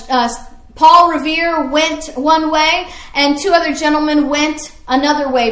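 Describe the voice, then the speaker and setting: A woman's voice: sits high, a bit bright, reverberant. A woman teaching history as a story, asking her listeners questions along the way. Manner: storytelling, asks the audience questions.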